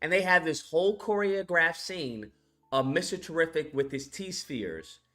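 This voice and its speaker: High, bright-voiced man ranting about a film. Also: unhurried. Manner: animated, profane, laughing, recaps scenes in put-on quotes. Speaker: YouTube film reviewer. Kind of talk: casual film review rant.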